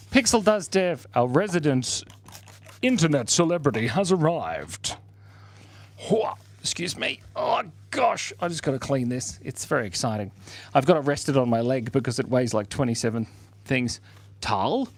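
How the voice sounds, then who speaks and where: A playful man chatting on a livestream while he draws, reading out viewer messages and cracking jokes. His pitch swings widely from low murmurs to high squeals. The sound is close and dry, with no room echo. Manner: playful, reads out chat messages, jokes and laughs often. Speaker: livestream host drawing for viewers. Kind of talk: casual livestream chat while drawing.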